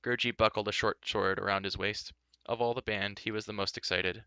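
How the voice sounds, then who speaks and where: A man's voice: steady tone, a little fast, clear, resonant tone, dry recording, lo-fi sound. A man reading a fantasy storybook aloud, giving the characters their own voices. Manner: shifts pitch and loudness for each character's lines. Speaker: audiobook reader.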